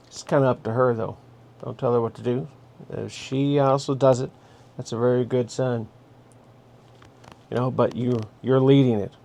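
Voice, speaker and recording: A man's voice: medium pitch, gravelly, mellow. Blunt man handing out advice. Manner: blunt, direct, giving orders. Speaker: host. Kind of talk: casual spoken advice monologue.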